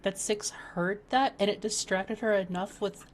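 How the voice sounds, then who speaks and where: A woman's voice: mid-range voice, fairly even intonation, measured pace, slight background noise. A woman playing a tabletop role-playing game who asks the game master casual questions. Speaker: player.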